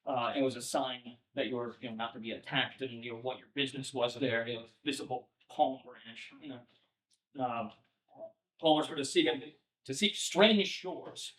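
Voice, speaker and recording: A pastor teaching a poetry class gives an informal, chatty lecture full of fillers, checking in with "right?" His voice is mid-range and fairly bright at a normal speed, and he reads old verse in a lifted, sing-song way. The mic sits at a distance in an echoey room.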